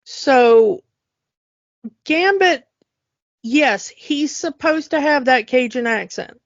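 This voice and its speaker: Higher-voiced woman on a podcast, takes her time, gets real emphatic, dull dry sound. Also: slow pace, no room sound. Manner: animated, emphatic, ranting. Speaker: podcast co-host. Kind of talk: casual chat.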